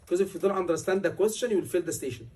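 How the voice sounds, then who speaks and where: A man with a high-pitched, dark, slightly rough voice talks very fast, sounding far from the mic. Lecturing a class preparing for a medical exam, he is emphatic and repeats key words again and again.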